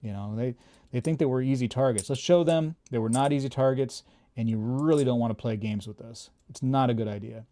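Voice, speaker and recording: A man's voice: mid-range voice, fairly quick, dark tone. A man hosting his own coin channel, chatting casually to camera with lots of fillers and emphatic warnings. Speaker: YouTube coin and bullion channel host.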